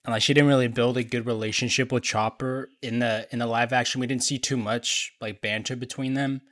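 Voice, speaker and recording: A man's voice: medium pitch, fairly bright tone, dry recording, studio quality. Rambling young man with a sleepy voice. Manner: rambling, loose with fillers and swearing. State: just woke up. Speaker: video reviewer. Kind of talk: casual review vlog.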